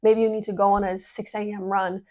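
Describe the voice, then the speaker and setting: A woman talking casually as a business coach, energetic and full of fillers, swearing now and then. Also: medium pitch, brisk. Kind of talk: casual explainer vlog.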